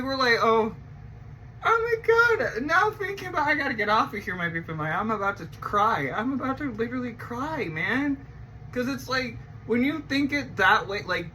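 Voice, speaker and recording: A man's voice: sits high, bright, forceful tone, distant mic, slight background noise, rough recording. A man giving casual reaction commentary as a trailer reactor, rambling and emotional, stammering and repeating himself, with casual swearing.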